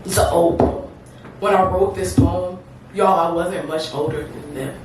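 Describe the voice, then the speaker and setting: A woman's voice: lowish voice, steady tone, a little slow. A woman in her thirties performing spoken word poetry live on a theatre stage, with a rhythmic repeated refrain and banter with the crowd. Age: 30s. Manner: rhythmic, repetitive refrain delivery with frequent laughter and crowd banter. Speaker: featured poet. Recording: echoey theatre, distant mic, audible hiss.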